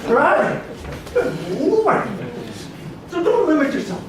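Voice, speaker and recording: A man giving a lively motivational sports psychology talk to a live audience, laughing often, acting out quoted voices and checking in with "right?". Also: very high voice, slow, a loud crowd. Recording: echoey hall, miked from far off.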